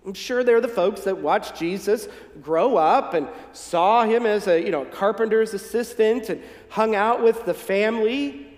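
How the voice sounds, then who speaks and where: A man from the northern United States preaching a conversational, gently humorous sermon in a church sanctuary. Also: high-pitched, moderate pace. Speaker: pastor. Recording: echoey hall with long reverb.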